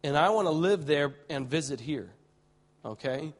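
Telling of a vivid vision in his sermon, a male preacher speaks at normal speed in a voice on the high side. Excitable and prone to restarts, he shifts from hushed tones to shouts.

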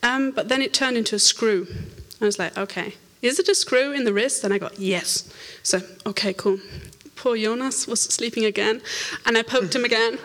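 Animated woman telling a story in a hall. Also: fairly high pitch, moderate pace, hardly any pauses. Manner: animated, laughing, acts out quoted voices. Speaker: church testimony speaker. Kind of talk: storytelling testimony. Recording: reverberant hall.

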